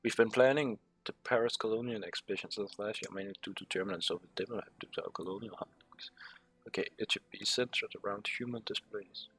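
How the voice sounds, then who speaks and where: A man's voice: on the low side, fast talker, a bit bright, husky. A man giving casual strategy game commentary, reading menu text aloud with sarcastic, muttered asides. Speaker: gameplay commentator.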